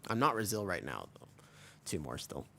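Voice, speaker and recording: A man's voice: deep voice, sing-song, moderate pace, creaky, pushed and bright. A young man from America, streaming a game and chatting casually with viewers, rambling and joking as he answers chat. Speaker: livestreamer. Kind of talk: casual livestream chat while gaming.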